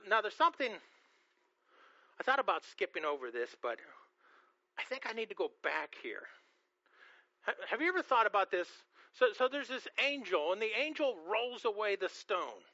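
A man with a high, bright voice preaches an earnest sermon, often stumbling over and repeating the first word of a phrase. He asks his listeners questions as he goes. The sound is dry and a little dull. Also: no room sound. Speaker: pastor.

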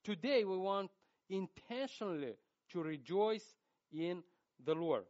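Slow-speaking preacher with a Russian accent. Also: male voice, sits high, expressive, darkish tone, lo-fi sound. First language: Romanian. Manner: slow, halting delivery with frequent fillers and restarts. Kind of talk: sermon.

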